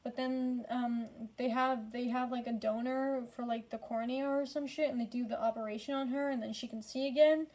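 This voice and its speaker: Worn out woman rambling about movies late at night, swears a ton, kinda high voice. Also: steady tone, moderate pace, few pauses, darkish tone. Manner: rambling, swears constantly, many fillers. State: tired. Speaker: movie reviewer. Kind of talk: casual movie ranking vlog.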